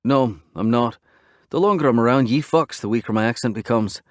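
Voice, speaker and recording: A man's voice: medium pitch, a little fast, dry recording, studio quality, natural voice. A man voicing a cocky, teasing Scottish-born biker with a light Scottish accent and a playful, sing-song way of taunting.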